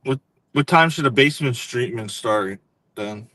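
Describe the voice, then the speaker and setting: A man's voice: mid-range voice, animated, moderate pace, bright, forceful tone, no room sound. A man chatting casually as a guest on a live stream, rambling through his stories and laughing often. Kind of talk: casual chat.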